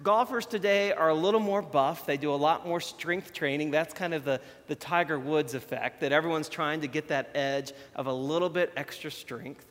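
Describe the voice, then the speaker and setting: A man's voice: fairly high pitch, moderate pace, few pauses, fairly bright tone, big-room sound. A man preaching a conversational sermon in a chatty, self-deprecating way. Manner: chatty, self-deprecating, shows props while talking.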